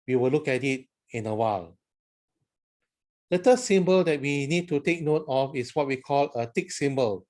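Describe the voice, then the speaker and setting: A man teaching chant, speaking slowly and carefully as he explains each symbol. His voice sits a little high for a man, and he sounds measured and patient. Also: darkish tone. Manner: slow, careful explaining, sings chant tones on syllables. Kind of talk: instructional talk with sung chant examples.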